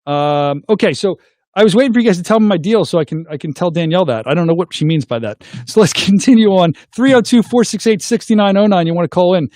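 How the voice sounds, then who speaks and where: Casting note: goofball male call-in host, quick and high. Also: no room sound, clean studio sound. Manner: goofy, excitable, makes silly sound effects. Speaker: host of a call-in livestream show. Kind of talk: casual call-in chat.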